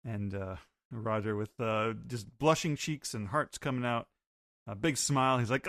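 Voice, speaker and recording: A man hosting a podcast, recapping a comic chapter in casual, animated talk. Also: medium pitch, normal speed, dry recording, clean studio sound. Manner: animated, acts out quotes. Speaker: podcast host.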